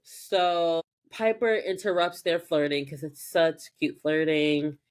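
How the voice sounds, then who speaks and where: Low-voiced woman recapping a tv episode, chatty, does little voices for the characters. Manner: animated, acts out characters' lines in quick voices. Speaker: podcast co-host. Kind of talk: casual chat recapping a TV episode.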